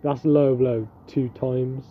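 Young man, mid pitch, husky, teasing slang, phone-like audio. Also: fairly even intonation, slow pace. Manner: laid-back, slangy, teasing. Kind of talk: casual chat. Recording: tinny phone-like sound.

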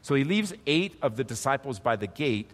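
A male pastor preaching a sermon, his voice swinging between loud, high emphasis and low, hushed stretches. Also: big pitch swings, moderate pace. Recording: long reverb of a large hall.

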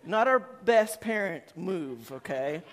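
A man in his forties, a pastor giving a sermon, who tells stories in a lively way and acts out his own reactions. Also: high voice, takes it slowly.

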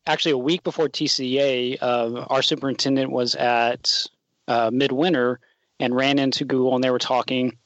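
Relaxed man teacher on a dull line. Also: mid-range voice, normal speed, no room sound. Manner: relaxed, anecdotal, many fillers. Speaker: teacher advisor. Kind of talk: casual storytelling in an interview.

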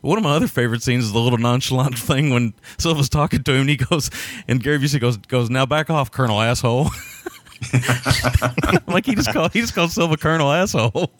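A male podcast co-host in loose movie-review chat, his voice at a middling pitch. He laughs often, swears freely and jumps into joking impressions. The sound is dry and close. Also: animated, fast, no echo. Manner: laughing, profane, does mocking impressions.

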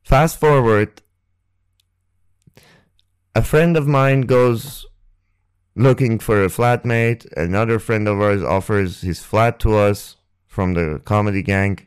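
A young man hosting a podcast, telling a personal story on a close microphone in a halting, rambling way, with restarts and swearing. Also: fairly low pitch, clean tone. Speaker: podcast host. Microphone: close ASMR microphone.

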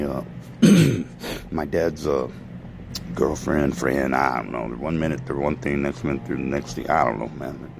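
A vlogger with a very deep voice and vocal fry rants to his followers over a noisy background. His monologue is profane and rambling, and he often stops to correct himself.

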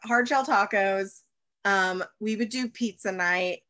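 A woman's voice: mid-range voice, takes it slowly, pushed and bright, dry recording. A woman in her thirties from the United States, a baker and chef, talking as a guest in a casual interview and rambling with many fillers and restarts.

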